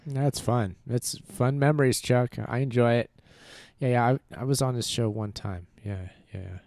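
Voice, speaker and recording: A man's voice: medium pitch, fairly even intonation, normal speed, darkish tone. A man co-hosting a casual chat, easygoing and agreeable, chuckling often.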